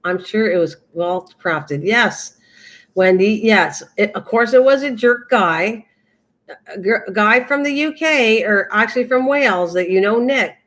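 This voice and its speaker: A woman's voice: on the high side, a little slow, fairly bright tone. Chatty older woman, rambling and laughing. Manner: talks directly to chat viewers by name. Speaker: craft livestream host. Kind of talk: casual livestream chat.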